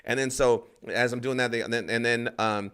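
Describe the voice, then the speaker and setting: A man's voice: medium pitch, fairly even intonation, fairly quick, fairly bright tone, smooth. A male comedian telling a rambling story in casual podcast chat, acting out other people's lines and swearing freely. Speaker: stand-up comedian guest.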